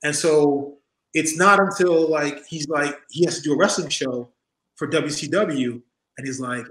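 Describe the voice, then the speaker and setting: A man in his forties, an interview guest telling stories in a lively, laughing way and acting out the voices of people in them. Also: a little high, unhurried, reverberant, low-quality recording. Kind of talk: casual storytelling in an interview. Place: home room.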